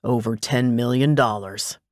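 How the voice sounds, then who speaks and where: A wry male detective speaks in an audiobook, read by a man. His voice sits mid-range and sounds plain and unhurried. He delivers lines matter-of-factly, with a teasing edge, in a dead-dry studio sound. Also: mid-range voice, no echo, close to an everyday voice. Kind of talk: audiobook dialogue.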